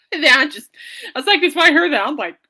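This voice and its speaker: A woman's voice: sits high, very animated, quick pace, bright, forceful tone. A woman hosting a casual podcast, rambling and laughing often as she chats. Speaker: podcast host. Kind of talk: casual chat.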